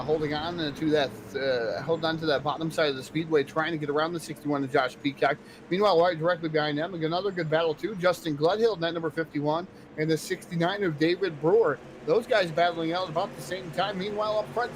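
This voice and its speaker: Brisk play-by-play man, high voice, with clear track noise behind. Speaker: race commentator. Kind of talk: live racing commentary.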